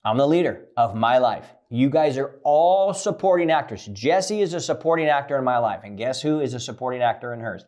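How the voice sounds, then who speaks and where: A man giving a blunt, profane coaching monologue about relationships, swinging from loud emphasis to low, quiet lines. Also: lively intonation, a little fast, hardly any pauses.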